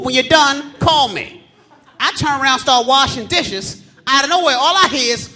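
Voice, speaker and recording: A man in his thirties doing live stand-up comedy on a theater stage, telling loud, profane stories about his kids and acting them out in squeaky shouts. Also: lively intonation, normal speed, gravelly, some chatter behind. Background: live audience laughter.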